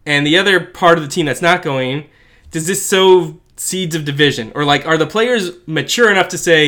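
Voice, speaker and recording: Bright-voiced joking man co-host. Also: a little high, moderate pace. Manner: jokey, animated, many "like" fillers. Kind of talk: casual podcast chat.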